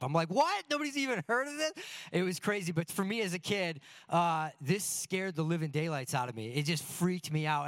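Higher-voiced man telling a sermon story. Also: no room sound. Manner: animated, self-deprecating anecdotes. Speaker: church staff speaker. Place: church sanctuary before a congregation.

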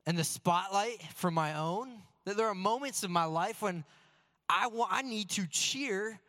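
Male pastor, fairly high voice, earnest sermon delivery with slow emphatic lines, reverberant sanctuary sound. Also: bright, forceful tone. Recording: long hall reverb.

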